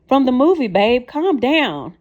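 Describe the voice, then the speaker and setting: A woman's voice: medium pitch, normal speed, dull audio, lightly acted. A woman voicing a frightened young woman who pleads with her abuser and then defies him. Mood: pleading.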